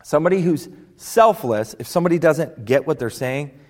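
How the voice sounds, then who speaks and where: A man's voice: fairly high pitch, lively intonation, normal speed, darkish tone. A man giving a motivational talk on personal development, emphatic and varying his delivery for effect. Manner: emphatic, rising and falling for effect.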